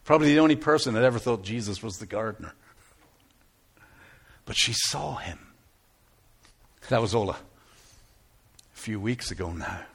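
An actor playing an aging biblical shepherd, telling his story earnestly, moving between hushed tones and exclamations. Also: lowish voice, lively intonation, normal speed, creaky, long pauses, husky, exaggerated voice. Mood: awed. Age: older. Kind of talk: first-person dramatic monologue.

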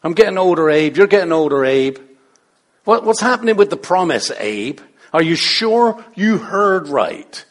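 A man's voice: high voice, sing-song, moderate pace. A man voicing Sarah, a doubting, nagging aging wife who questions her husband. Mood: exasperated. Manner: exasperated, teasing questions.

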